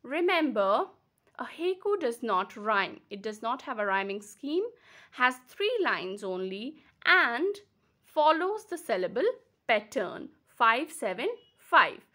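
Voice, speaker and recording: A woman teacher from Kashmir speaks with an Indian English accent in a bright, fairly high voice. She talks slowly and patiently, repeating words and breaking them into syllables for young learners. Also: sing-song. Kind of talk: slow classroom explanation.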